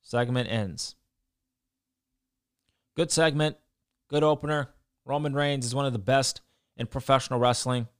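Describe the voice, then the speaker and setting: A man talking through a show recap in a casual, blunt way, cursing freely whenever something annoys him. His voice sits at an ordinary middle pitch and sounds close and dry, with no room sound around it. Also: steady tone, unhurried, long pauses, smooth, no echo. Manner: blunt, profane, ranting. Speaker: wrestling show reviewer.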